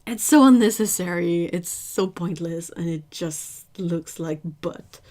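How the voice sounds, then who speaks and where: Chatty, emphatic woman, slightly low voice. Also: a little slow. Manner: chatty, answers viewers' chat; emphatic, lively complaining. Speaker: art livestream host. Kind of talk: casual livestream chat.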